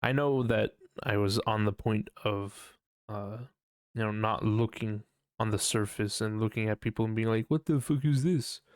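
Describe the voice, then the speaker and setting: A man's voice: fairly low pitch, little pitch movement, moderate pace, clear, resonant tone, no room sound, clean studio sound. A young man hosting a casual solo podcast, rambling and swearing often, laughing at himself and mimicking his own panicked voice. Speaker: podcast host.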